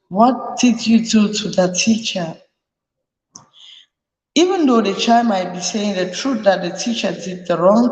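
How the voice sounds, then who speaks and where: A woman's voice: medium pitch, a little mellow. A woman hosting a live parenting chat, earnestly advising parents and repeating her key points. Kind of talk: live talk to an audience. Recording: echoey room with long reverb.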